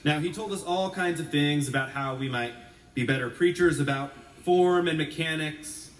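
A male priest delivers a sermon in a conversational, self-deprecating way that settles into quiet reflection. His voice sits a little high for a man. It is heard from a distance in a roomy church with plenty of echo. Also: moderate pace, a little hiss or hum. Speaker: Episcopal priest. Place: church sanctuary.

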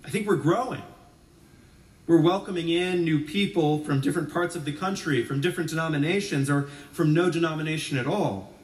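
A man's voice: fairly high pitch, a little fast. A male Episcopal priest giving a sermon, chatting easily and with self-deprecating humor before turning reflective. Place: church sanctuary. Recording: roomy church echo from a distance.

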